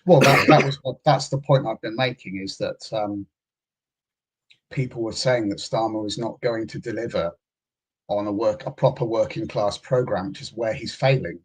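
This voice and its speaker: A man's voice: fairly low pitch, normal speed, breathy edge. A male guest in a casual political debate, pressing his point steadily.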